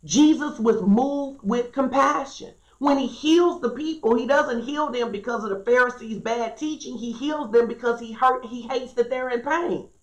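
Woman pastor preaching, kinda high voice, earnest and emphatic, echoey room. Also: normal speed, hardly any pauses, highs cut off. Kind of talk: sermon.

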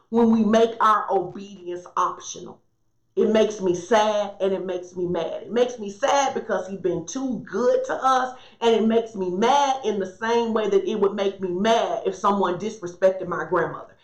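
A woman preacher with a high voice delivers an emphatic sermon and hammers her points home by repeating them. The sound is roomy, with a noticeable echo. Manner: emphatic, repeats key phrases for stress.

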